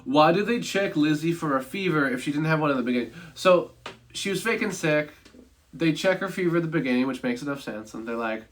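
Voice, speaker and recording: A man's voice: mid-range voice, lively intonation, a little fast. A young man casually talking through a movie review on a livestream, rambling and correcting himself with offhand humor.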